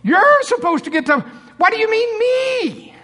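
A preacher doing a bewildered praying father, voice shooting up high. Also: very animated, unhurried, bright, forceful tone, big-room sound, full character voice. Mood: indignant. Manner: pleading, exclaiming in a raised voice.

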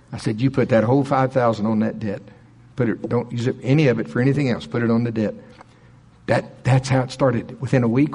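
Middle-aged male pastor, lively storyteller who acts out the people he quotes. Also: husky. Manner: animated storyteller, voices quoted people in a higher pitch. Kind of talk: sermon storytelling.

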